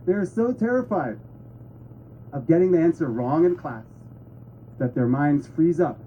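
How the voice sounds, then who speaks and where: A man's voice: fairly high pitch, lively intonation, measured pace, warm tone, a little hiss or hum, poor audio. A man giving a talk to an audience in a conversational way with playful asides. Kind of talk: presentation to an audience.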